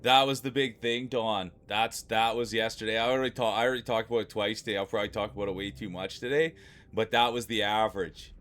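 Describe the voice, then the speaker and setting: A man streaming live from home, chatting casually and warmly with his viewers, greeting them by name and often repeating himself. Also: on the low side, fairly even intonation, quick pace.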